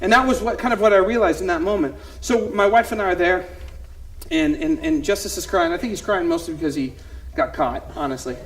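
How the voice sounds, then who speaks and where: Very high-voiced man telling a funny sermon story. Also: quick pace, poor audio. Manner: animated, swinging between hushed asides and loud punchlines.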